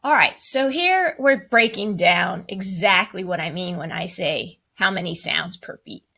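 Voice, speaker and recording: A woman's voice: lowish voice, expressive, a little slow, vocal fry, pushed and bright, slightly rough. A woman teaching a music lesson, encouraging as she counts and chants rhythms aloud.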